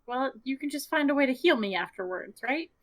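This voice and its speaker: Higher-pitched woman player, casual. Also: animated, fairly quick. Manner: casual, hesitant, restarts while describing. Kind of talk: tabletop roleplay banter.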